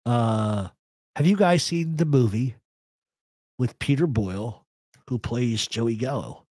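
A man's voice: medium pitch, lively intonation, takes it slowly, darkish tone, dry recording, clean studio sound. A man hosting a live talk show, giving blunt, rambling opinions to viewers in the chat. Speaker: host. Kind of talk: live radio chat answering a chat.

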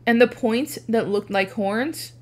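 A woman teacher reading a chapter book aloud with expressive narration. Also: slow pace. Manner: animated, changes pitch for dialogue.

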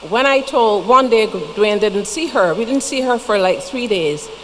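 A woman's voice: mid-range voice, lively intonation, measured pace. A woman with a Barbadian accent giving a funeral tribute in a church, telling folksy stories with chatty asides. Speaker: eulogy speaker. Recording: long church reverb, faint noise.

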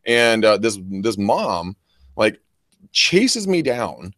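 A man's voice: lowish voice, sing-song, slow pace, fairly bright tone, no room sound, studio quality. Rambling, swearing male podcast co-host. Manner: rambling storyteller, swears freely, laughs a lot. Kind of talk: casual chat.

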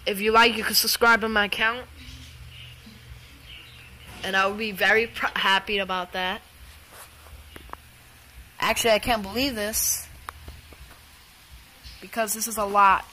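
Excitable amateur weather vlogger, woman; unhurried, filler-heavy, outdoors. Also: mid-range voice, a little hiss or hum, rough recording. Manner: rambling, excitable, halting with many fillers. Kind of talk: casual storm vlog. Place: outdoors during a storm.

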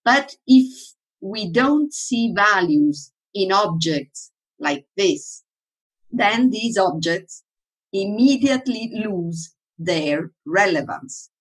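Slow, husky-voiced woman lecturing. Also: medium pitch, lively intonation, poor audio. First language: Italian. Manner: asks the audience questions, then answers them. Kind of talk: online workshop lecture.

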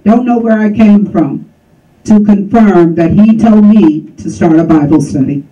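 A woman giving an animated testimony as an interview guest, acting out quoted dialogue. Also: mid-range voice, a little slow, distant mic, lo-fi sound. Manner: lively, acts out dialogue and laughs often. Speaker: guest telling her testimony.

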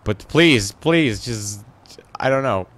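A man's voice: mid-range voice, animated, slow pace, fairly bright tone, dry recording. A man hosting a gaming channel, rambling and joking to himself as he plays. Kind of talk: let's play commentary.

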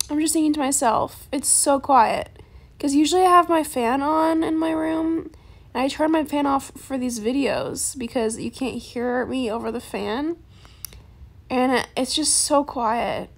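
A young adult woman in casual gameplay chat, soft-spoken and chatty, recorded on a phone in a quiet bedroom late at night. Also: high voice, gravelly. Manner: chatty, soft-spoken, calls viewers bestie. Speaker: gaming YouTuber.

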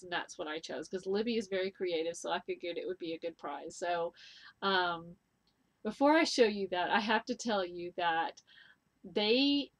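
A middle-aged woman hosting a knitting video podcast, chatting to camera in an enthusiastic, gushing way with many ums and laughs. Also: medium pitch. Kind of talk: casual chat to camera.

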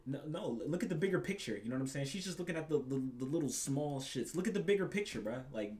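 A man's voice: fairly high pitch, fast talker, few pauses. A young man with a slightly raised voice reacting to a video in loose, casual commentary. He rants with plenty of swearing and calls his listener bro, circling back to the same phrases again and again. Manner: profane, animated ranting.

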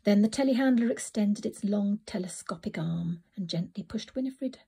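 A woman narrating a children's storybook in a soft, often whispered reading voice. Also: mid-range voice, normal speed, gravelly, slightly rough.

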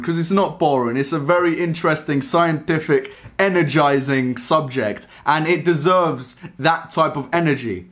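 A young man rambling excitedly while unboxing a coffee machine in a casual vlog. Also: fairly high pitch. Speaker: coffee vlogger.

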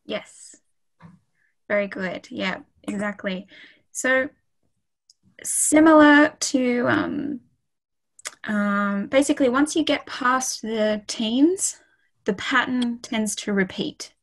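Slow-spoken young woman teaching French. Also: on the high side, rough recording. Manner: encouraging, chatty with fillers. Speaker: French tutor. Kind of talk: online language lesson.

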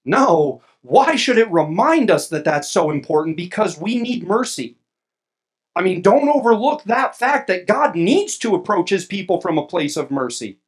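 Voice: mid-range voice, expressive, moderate pace. Impassioned pastor preaching a sermon. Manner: impassioned, rising to emphatic exclamations; reads scripture aloud at length.

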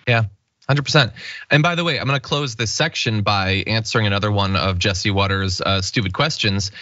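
A man's voice: on the low side, fairly quick, sharp tone, dry recording, muffled recording. A man hosting a political commentary show, sarcastic and emphatic. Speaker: news commentary host.

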